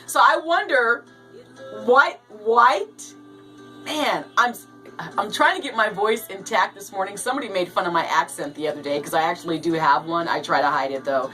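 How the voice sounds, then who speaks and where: A woman giving casual, animated commentary on news stories, with jokey asides. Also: mid-range voice, normal speed, far from the mic, poor audio. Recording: voice a bit off-mic, with light music behind.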